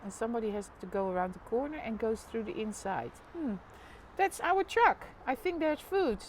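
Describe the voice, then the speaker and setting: A woman's voice: fairly high pitch, expressive, normal speed, slight background noise. A woman with a Dutch accent chatting casually on a live stream, narrating the street below her apartment window. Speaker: live vlogger.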